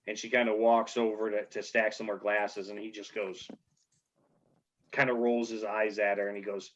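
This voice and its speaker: Relaxed, halting male game master. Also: fairly low pitch. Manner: relaxed, halting narration with many fillers. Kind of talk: narrating a tabletop game. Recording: dull lo-fi audio.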